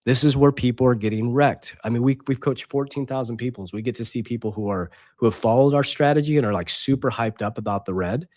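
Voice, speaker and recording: A man's voice: medium pitch, fast talker, few pauses, darkish tone, no room sound, clean studio sound. A man coaching viewers on money and investing in a casual monologue, hammering points home and checking in with "okay?". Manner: emphatic, repeats points, adds "okay?". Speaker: finance coach and app co-founder.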